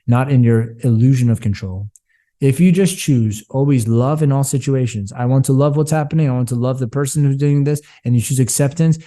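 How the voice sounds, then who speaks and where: A man's voice: mid-range voice, dark tone. A man, a business coach, talking passionately in an interview and telling stories in which he quotes himself and others. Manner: passionate, preachy storytelling. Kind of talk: candid interview talk.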